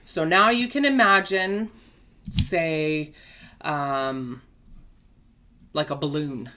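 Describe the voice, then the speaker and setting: A woman's voice: low-pitched, very slow, pushed and bright, a little hiss or hum. A woman teaching a casual health lesson. She explains patiently with everyday comparisons and often checks in with "okay?". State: has the hiccups. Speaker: health educator.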